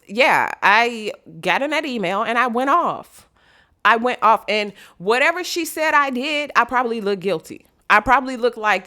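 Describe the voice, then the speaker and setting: Animated woman telling her story. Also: fairly high pitch, normal speed. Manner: animated, acts out quotes. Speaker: vlogger.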